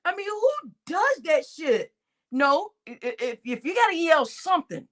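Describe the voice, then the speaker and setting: A woman's voice: very high-pitched, very animated, normal speed, fairly bright tone. A woman hosting a live stream, laughing often and talking to her chat in crude slang. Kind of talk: casual live-stream commentary.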